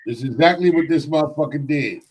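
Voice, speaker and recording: A middle-aged man with a high-pitched voice tells a story on a podcast, loud and emphatic. He swears constantly and acts out the other people in the story. His talk is blunt and animated. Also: fast, breathy edge, rough recording. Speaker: podcast co-host. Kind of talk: casual chat.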